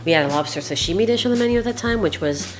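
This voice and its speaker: A woman chef telling stories casually while cooking in a kitchen, animated and swearing freely. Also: mid-range voice, rapid-fire, faint music behind. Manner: animated, profane, chatty. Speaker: chef, guest.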